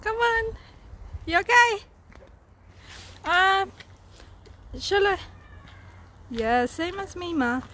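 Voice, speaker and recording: A woman vlogging live on her phone outdoors in the falling snow, talking casually with excitable, giggly energy. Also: very high voice, drawn-out words, long pauses. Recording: outdoor noise.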